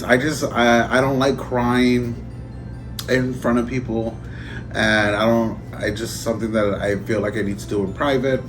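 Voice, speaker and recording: A man in a casual unboxing vlog who talks in an emotional, halting way, choking up and trailing off. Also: fairly low pitch. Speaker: vlogger. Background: music.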